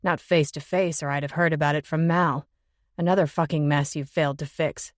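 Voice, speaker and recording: A woman's voice: deep voice, fairly even intonation, brisk, no room sound, studio quality, voice pushed down, natural voice. A woman voicing a blunt, mocking young male rock musician who needles his bandmate. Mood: needling. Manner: scoffing, needling.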